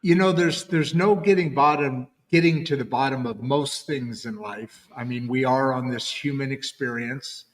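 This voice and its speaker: A man's voice: mid-range voice, moderate pace, few pauses, in a large hall. A man hosting an interview podcast, chiming in with short affirmations and reflective remarks. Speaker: podcast host.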